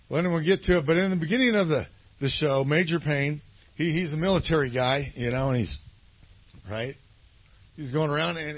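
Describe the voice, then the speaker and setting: A man's voice: fairly high pitch, muffled recording. A male pastor preaching a casual sermon in a conversational, rambling way, often checking in with his listeners. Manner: conversational, rambling, asks for agreement.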